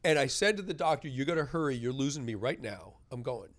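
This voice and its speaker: A writer in an interview, telling a personal story with animated delivery and acted-out quotes. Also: male voice, medium pitch, fast talker. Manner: animated, acts out quoted voices. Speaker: guest, writer.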